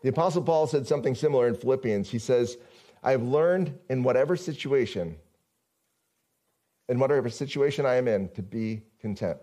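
A man's voice: medium pitch, fairly quick, mellow. A male pastor giving a conversational sermon, often asking the congregation questions.

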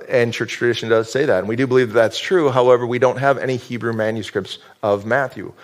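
A male pastor from upstate New York delivering a sermon. He keeps it loose and conversational, with a mid-range voice and jokes thrown in. He often breaks off and restarts a sentence before going on. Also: mid-range voice.

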